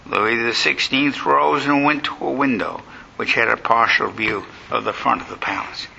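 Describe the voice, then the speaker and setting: A man's voice: mid-range voice, normal speed, gravelly, pushed and bright, husky, lo-fi sound. A man giving a dramatic history lecture, telling the story vividly and acting out the quotes.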